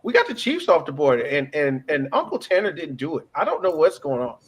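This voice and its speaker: A man's voice: a little high, very animated, fairly quick, husky. A man hosting a casual sports chat, joking around and building hype as he makes his picks. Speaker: host.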